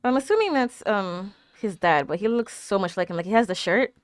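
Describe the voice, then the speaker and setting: A woman's voice: mid-range voice, lively intonation, a little fast, no room sound. A woman hosting an anime reaction video, chatting casually and talking back at the screen, with frequent laughs and fillers. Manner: laughs often and coos at cute moments.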